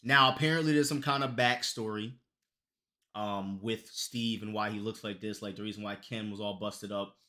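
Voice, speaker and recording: A young man streaming live, chatting casually with viewers in a loose, profane, joking way that breaks into loud, high outbursts. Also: steady tone, moderate pace.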